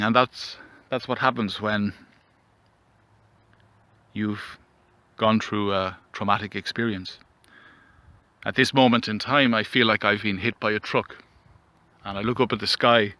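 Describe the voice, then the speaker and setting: A man delivering a mock-dramatic comedic monologue outdoors, mock-solemn and rambling, with theatrical pauses. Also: fairly low pitch, steady tone, sharp tone, no room sound. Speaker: commentary vlogger.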